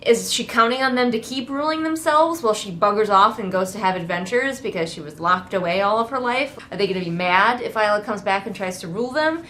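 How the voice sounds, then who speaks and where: A woman's voice: medium pitch, expressive, a little fast, hardly any pauses, pushed and bright, a little hiss or hum. A woman giving a casual, sarcastic book critique, swearing freely and mocking the characters. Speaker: book reviewer.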